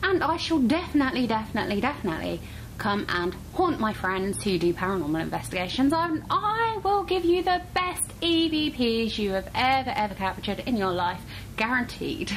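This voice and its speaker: A woman hosting her weekly paranormal vlog, chatty and animated, throwing out rhetorical questions. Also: fairly high pitch, normal speed, a little hiss or hum, low-quality recording. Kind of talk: casual chat to camera.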